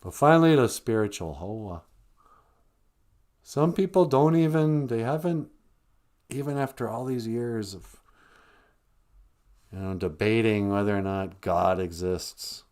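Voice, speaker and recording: Fairly low-pitched and a little mellow, a man speaks somewhat slowly and pauses often while hosting a live stream. He teaches casually about emotions and spirit, keeping it dry, joking and conversational, and sometimes putting on funny voices.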